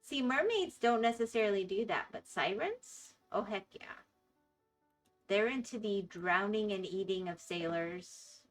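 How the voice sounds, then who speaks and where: A woman's voice: mid-range voice, animated, a little slow, soft background music. A woman with a Florida accent chatting casually with her stream chat, laughing often and apologizing when she stumbles over words.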